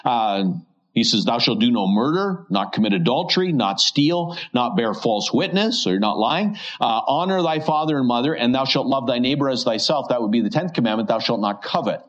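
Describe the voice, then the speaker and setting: A man delivering an expository sermon, slowing down as he reads scripture aloud and posing questions to his listeners. His voice sits at a middling pitch. The recording sounds a little muffled and lo-fi. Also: lively intonation. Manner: reads scripture slowly and deliberately, asks rhetorical questions. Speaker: preacher.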